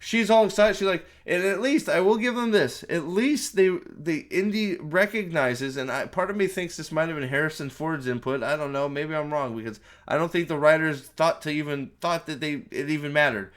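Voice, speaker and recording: A man with a somewhat high voice rants through a movie review, exasperated and rambling. He swears freely and trips over restarts. The delivery sounds fed up throughout. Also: moderate pace, a bit bright. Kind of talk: ranting spoiler review.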